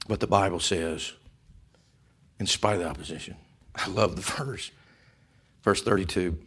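A man preaching a sermon, swinging from loud shouting to hushed whispers. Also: fairly low pitch, normal speed, long pauses. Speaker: pastor.

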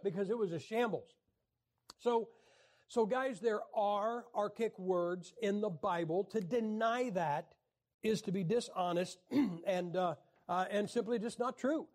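A man teaching a Bible class in a folksy, joking way, often clearing his throat and restarting his sentences. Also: high-pitched, a little slow, darkish tone. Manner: frequent throat clearing and restarts, jokey asides. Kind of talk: folksy teaching talk with jokes.

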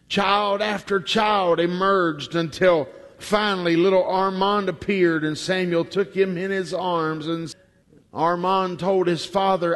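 A man preaching a sermon before communion, telling a story slowly and deliberately, with emphatic repetition. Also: sits high, steady tone, fairly bright tone. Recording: long hall reverb.

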